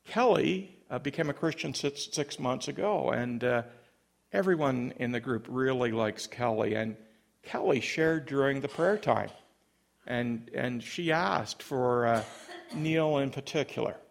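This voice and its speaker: A man preaching as a pastor, telling a story in an animated way and acting out voices. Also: medium pitch, unhurried, gravelly. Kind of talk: sermon storytelling.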